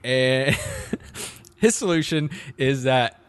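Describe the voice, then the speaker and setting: A man's voice: medium pitch, animated, drawn-out words, clean tone. Laughing, rambling male podcast host. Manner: rambling, laughs often, many "like" fillers. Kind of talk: casual chat, recapping an anime episode.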